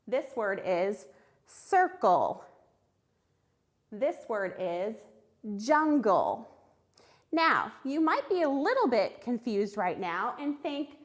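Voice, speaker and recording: A woman teaching a recorded phonics lesson to young children, sounding out words clearly and praising answers. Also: fairly high pitch, big pitch swings, slow. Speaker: third grade reading teacher.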